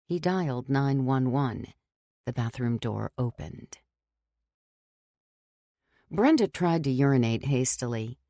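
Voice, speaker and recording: A woman narrating a horror audiobook in a steady, measured reading. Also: rumbling low, dry recording, clean studio sound.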